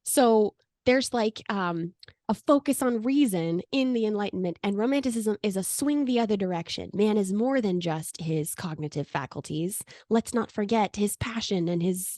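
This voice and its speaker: A woman's voice: mid-range voice, normal speed, mellow, no echo. A woman co-hosting a podcast. She tells stories in a chatty way and laughs often. She studied English. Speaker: podcast co-host. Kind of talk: casual podcast chat.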